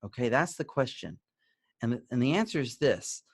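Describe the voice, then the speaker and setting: A middle-aged man teaching couples as a therapist, talking conversationally, asking and answering his own questions, and softly acting out gentle example phrases. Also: medium pitch, big pitch swings, moderate pace, husky. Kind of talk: video lesson to camera.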